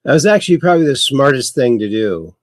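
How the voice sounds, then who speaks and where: A man's voice: medium pitch, lively intonation, fast, no echo, studio quality. A man hosting a casual livestream, reading out viewer comments and chatting along in a rambling, folksy way that often repeats itself. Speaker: livestream host.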